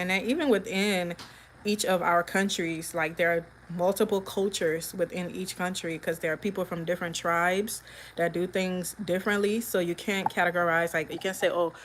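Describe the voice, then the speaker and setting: A woman's voice: lowish voice, steady tone, normal speed, a little hiss or hum, rough recording. Chatty woman hosting a live cooking stream. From Liberia. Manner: chatty, answers viewer comments as she cooks. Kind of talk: casual live-stream chat. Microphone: phone.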